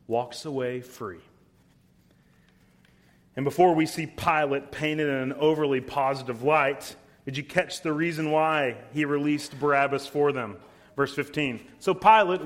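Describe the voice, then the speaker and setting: Slow, emphatic preaching man. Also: medium pitch, fairly bright tone. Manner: deliberate, emphatic, reads scripture aloud. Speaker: pastor. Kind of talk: expository sermon.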